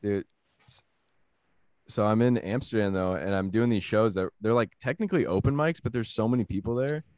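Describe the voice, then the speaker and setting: Young male comic co-host, low pitch, close dry sound, rambling anecdotes. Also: brisk, darkish tone, no echo. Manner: rambling storyteller, many fillers. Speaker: podcast co-host and comedian. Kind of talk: casual comedy podcast chat.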